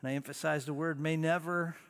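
A man preaching a sermon as a pastor, emphatic, with dramatic pauses and sudden drops to a low, quiet voice. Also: fairly even intonation, long reverb tail.

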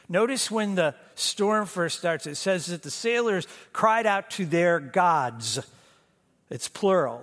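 A middle-aged pastor preaching a sermon in a conversational way, with self-deprecating humor, acting out the voices of the story. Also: male voice, high-pitched, a bit bright. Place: church sanctuary. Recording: long hall reverb.

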